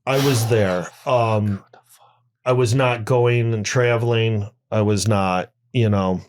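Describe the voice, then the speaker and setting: A man being interviewed on a podcast, telling his story in halting bursts with many restarts. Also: lowish voice, steady tone. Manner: halting, many restarts, recounting a harrowing experience. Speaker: interview guest.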